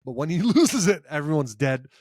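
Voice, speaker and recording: Lively higher-voiced man, dry sound. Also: moderate pace, no echo. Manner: animated storyteller, acts out quotes, laughs often. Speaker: podcast co-host. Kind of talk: casual sports chat.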